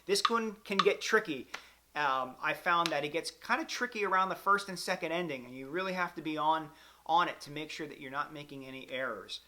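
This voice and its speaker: A man's voice: on the high side, a little fast, very noisy. A man teaching a clarinet lesson, counting beats aloud in a patient, encouraging way. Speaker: music teacher.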